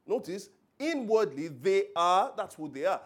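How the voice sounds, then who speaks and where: A man preaching a sermon, telling stories with loud emphatic bursts and quiet asides. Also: high-pitched, big pitch swings, measured pace. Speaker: pastor.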